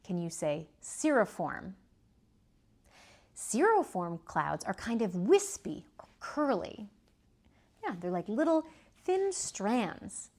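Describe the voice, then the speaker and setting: A woman teaching a preschool lesson, gently asking children to repeat words and point. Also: mid-range voice, sing-song, takes it slowly, long pauses. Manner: sing-song, asks children to repeat and point.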